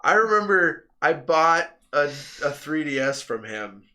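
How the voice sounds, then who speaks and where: Bright-voiced man telling stories. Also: fairly high pitch, big pitch swings, a little slow. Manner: storytelling, swears, acts out quotes. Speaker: podcast host. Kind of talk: casual chat.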